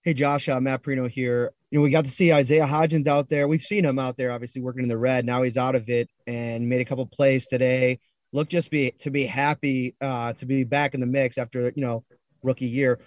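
A man's voice: mid-range voice, fairly quick, no echo. Male reporter with a dry close sound. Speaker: sports reporter. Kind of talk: press conference questions.

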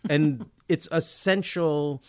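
A man's voice: on the high side, slow pace. Enthusiastic man chatting about a film. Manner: enthusiastic, animated, laughs often. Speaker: podcast co-host. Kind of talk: casual film discussion.

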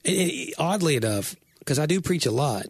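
Man, pastor, husky tone, dry close sound, casual rambling chat, self-deprecating. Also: fairly high pitch, lively intonation, normal speed, dry recording.

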